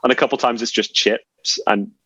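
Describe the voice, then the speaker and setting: A man's voice: mid-range voice, fairly even intonation, normal speed, sharp tone, slightly rough, no room sound, rough recording. A man, a podcast guest telling stories in a chatty, self-deprecating way. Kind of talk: casual storytelling chat.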